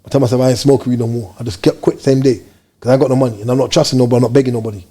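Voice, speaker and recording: A man from Jamaica, telling his story as an interview guest in fast, animated street slang. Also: mid-range voice.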